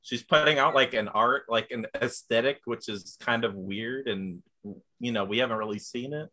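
A man in a casual podcast chat, talking in an animated way and laughing easily. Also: mid-range voice, moderate pace.

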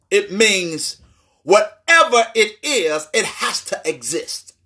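A man preaching a sermon as pastor, with shouted emphasis and call-and-response to the congregation. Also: high-pitched.

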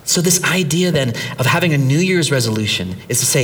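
A middle-aged man, a pastor, preaching a sermon in an animated, conversational way, asking the congregation questions. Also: medium pitch, a little fast, few pauses, far from the mic, slight background noise.

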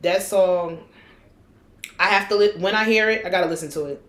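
A woman co-hosting a casual chat, blunt and profane, telling stories with animated energy. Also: fairly low pitch, moderate pace, roomy sound. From United States. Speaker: podcast co-host.

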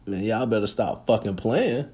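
A man's voice: fairly low pitch, normal speed. A man hosting a podcast, talking in a casual, profane and emphatic monologue. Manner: animated, profane, emphatic storytelling. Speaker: podcast host.

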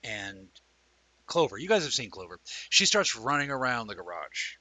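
A man hosting a live-streamed chat show, telling a rambling, animated story and talking with viewers. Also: mid-range voice, normal speed, dry recording, poor audio. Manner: reads out and answers viewer comments. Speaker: livestream show host.

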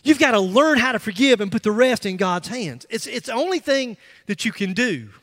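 A middle-aged man preaching a sermon in a church, telling a story with animated emphasis and frequent restarts. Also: very high voice, brisk. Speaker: pastor. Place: church sanctuary. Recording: long reverb of a large hall.

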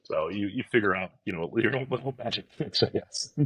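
A middle-aged events company CEO, appearing as a podcast guest, chats casually in an interview with a lowish, slightly breathy voice. His stories are packed with "like" and "you know," and he acts out shouted quotes.

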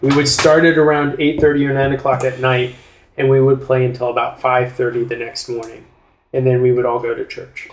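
A man hosting a casual group chat about tabletop gaming, telling stories with quick asides. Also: medium pitch, little pitch movement. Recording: roomy echo.

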